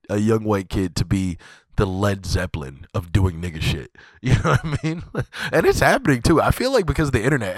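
A man's voice: mid-range voice, dry recording. A young man hosting a podcast, talking in a loose, profane, comedic monologue and laughing often. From USA. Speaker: podcast host.

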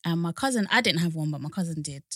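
A woman's voice: fairly low pitch, lively intonation, fast talker, a bit bright, dry recording, studio quality. A woman co-hosting a podcast, chatting casually and telling funny family stories with lots of laughter. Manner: chatty storyteller, laughs a lot. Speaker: podcast co-host. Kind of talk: casual chat.

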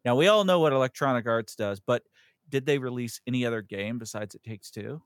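Man, podcast co-host, casual joking delivery, medium pitch, dry close sound. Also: brisk, clear, resonant tone, dry recording. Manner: relaxed, joking, many fillers. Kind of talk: casual chat.

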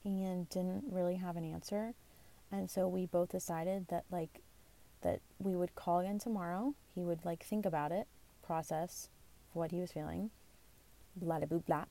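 Candid young woman with gravelly low voice. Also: dark tone. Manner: candid, rambling, self-deprecating, lots of fillers. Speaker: vlogger. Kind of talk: casual confessional storytelling. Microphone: phone or basic mic.

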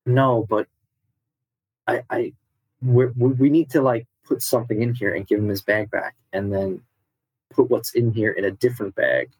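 A man's voice: medium pitch, steady tone, normal speed, darkish tone, breathy edge, no room sound, low-quality recording. A man playing a tabletop horror game, speaking casually with hesitant, stop-start phrasing. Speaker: player.

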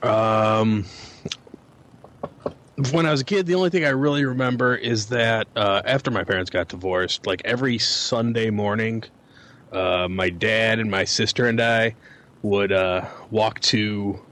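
A man's voice: fairly low pitch, a little slow. A man casually reminiscing about childhood in a podcast chat, hesitant and laid-back. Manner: relaxed, hesitant reminiscing with fillers. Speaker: podcast co-host.

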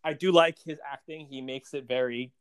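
A man co-hosting a casual movie-ranking podcast, rambling with restarts and getting animated when poking fun. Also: medium pitch, normal speed, clean tone, dry recording. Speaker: podcast co-host.

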